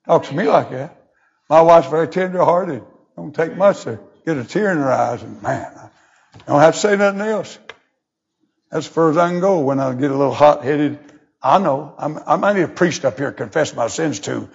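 A man's voice: a little high, creaky, husky, dull audio. A man, preaching a folksy sermon and reading scripture in old-fashioned English. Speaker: pastor.

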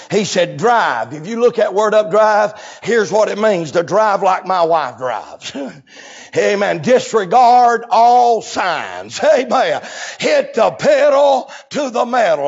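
A man preaching a revival sermon, swinging from low murmurs to hoarse, sing-song shouting. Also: dull audio.

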